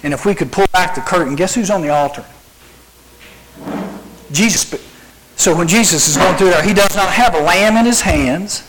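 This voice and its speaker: A man preaching to a youth gathering, acting out scenes as he goes. His voice sits fairly high, and he keeps tossing out rhetorical questions. There is a faint hum of background noise behind him. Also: normal speed, long pauses, fairly bright tone, rough recording. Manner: dramatic storytelling with rhetorical questions; acts out scenes with a live demonstration. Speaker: youth speaker. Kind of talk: youth sermon.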